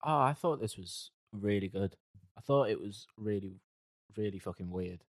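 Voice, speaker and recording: Low-voiced male co-host, mumbling softly, dry close sound. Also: moderate pace, no room sound. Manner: hesitant, trailing off, mumbling softly. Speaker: podcast co-host reviewing music. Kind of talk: casual chat.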